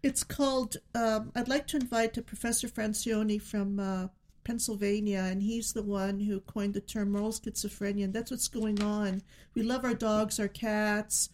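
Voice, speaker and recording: A woman co-hosting a casual talk show, earnest and measured. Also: medium pitch, steady tone, darkish tone. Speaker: co-host.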